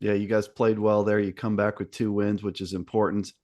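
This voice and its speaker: A man's voice: lowish voice, little pitch movement, brisk, mellow, no room sound, studio quality. A man hosting a sports podcast, chatting in an upbeat, casual way with lots of fillers. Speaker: podcast host. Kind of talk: casual interview chat.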